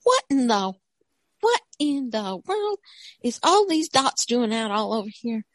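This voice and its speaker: Brief: woman as a fussing, apologetic waitress; high voice, dry sound. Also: sing-song, a little slow, no echo. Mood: flustered. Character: flustered apologetic restaurant waitress, adult woman.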